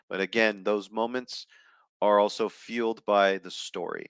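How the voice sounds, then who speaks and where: A man's voice: fairly low pitch, unhurried, clean tone, dry recording. A man chatting loosely and enthusiastically on camera as a video reviewer, with plenty of fillers and restarts. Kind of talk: casual chat.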